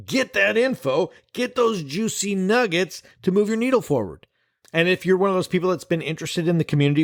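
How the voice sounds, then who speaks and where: A man's voice: medium pitch, dry recording, studio quality. A man hosting a casual solo podcast, talking in a playful, jokey, self-deprecating way. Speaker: podcast host.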